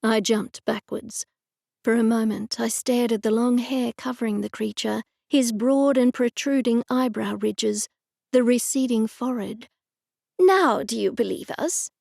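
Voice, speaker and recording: A woman narrating a cozy mystery audiobook in a measured first-person storytelling manner. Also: on the high side, fairly even intonation, creaky, warm tone, no room sound, clean studio sound.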